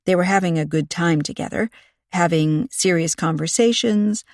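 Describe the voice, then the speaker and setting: A woman narrates a cozy mystery audiobook at an even, measured pace. Her voice sits a little low, and the recording is dry and close. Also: no room sound. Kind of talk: scripted narration.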